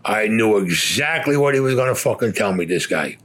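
An older man with a low, husky voice recounts his war days in an interview. His telling is blunt and rough, heavy with cursing. He speaks plainly and without polish. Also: expressive, a little fast, a bit bright. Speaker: war veteran. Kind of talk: storytelling interview.

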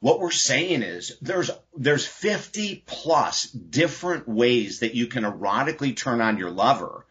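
Male podcast guest, husky bright voice, lively storyteller. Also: medium pitch, a little slow, hardly any pauses, lo-fi sound. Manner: animated anecdote telling with laughs. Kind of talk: casual storytelling interview.

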